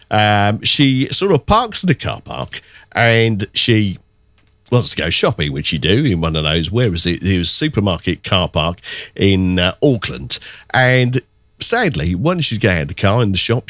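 A man hosting a radio show, telling a story in a relaxed, chatty way. His pitch swings widely and lends his talk a sing-song lilt. The studio sound is close and dry, with no room echo. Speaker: radio host. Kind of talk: casual radio chat.

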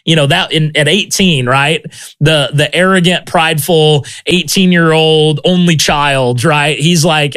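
A man's voice: fairly high pitch, steady tone, a little slow, a bit bright, dry recording. A man in an interview sharing his testimony in a casual, storytelling way, often stumbling over and repeating words and dropping in "man" and "okay?".

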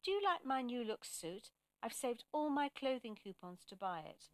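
A woman voicing a devoted woman waiting for her lost fiancé, lifting her voice higher for the part. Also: very animated, moderate pace, dry recording. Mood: proud. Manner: raised, heightened voice for her speech.

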